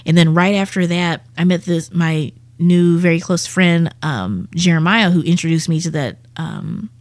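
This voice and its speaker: A woman's voice: lowish voice, moderate pace, dry recording. A young adult woman, a comedian guest, telling a vivid and profane story in a casual way.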